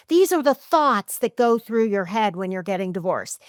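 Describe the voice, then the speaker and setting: A middle-aged woman hosting a podcast, talking in a lively, chatty and emphatic way and acting out her own thoughts. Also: on the high side, moderate pace, hardly any pauses, no echo, studio quality. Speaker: podcast host. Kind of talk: casual podcast chat.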